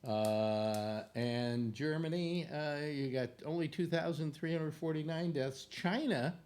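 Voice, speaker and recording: His voice runs a bit high, slow and a touch mellow, as this man hosts a laid-back home livestream over a map. He rambles and jokes while breathless and fumbling with fillers.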